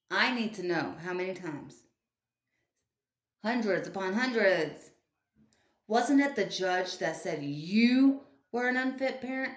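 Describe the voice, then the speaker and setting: A woman in a ranting commentary video, scolding and indignant as she fires off rhetorical questions. Her pitch sits in an ordinary middle range, and the room around her leaves a noticeable echo. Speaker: online commentator. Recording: roomy echo.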